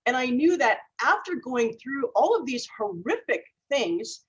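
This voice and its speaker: A woman's voice: high-pitched, big pitch swings, unhurried, breathy edge, dull audio. A woman speaker from Minnesota giving a motivational talk, telling personal stories earnestly and laughing at her own mistakes. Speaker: keynote speaker.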